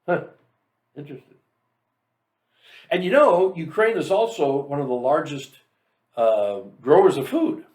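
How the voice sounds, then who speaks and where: A male show host delivers a political commentary monologue in a high voice that swings widely in pitch. He reads facts aloud in a mocking, sarcastic tone. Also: animated, unhurried, long pauses, darkish tone.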